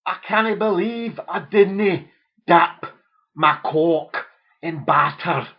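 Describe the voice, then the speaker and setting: A dim young Scottish lad, lamenting in a thick mock Scottish accent, put on by a man. The voice sits higher than a man's plain talk and drags out slowly and loudly. The sound is dull and lo-fi.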